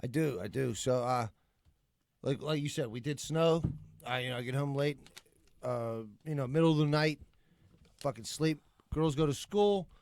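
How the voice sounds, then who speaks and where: A man's voice: medium pitch, normal speed, long pauses, darkish tone, no room sound. Profane storytelling man, dry sound. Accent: Pittsburgh. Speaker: podcast co-host. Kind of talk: casual chat.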